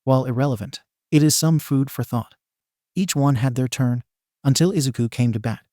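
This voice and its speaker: A man narrating a comedy fan story with a wry, tongue-in-cheek delivery. His voice is mid-pitched, and the recording is close and dry, with no echo. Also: moderate pace, dark tone.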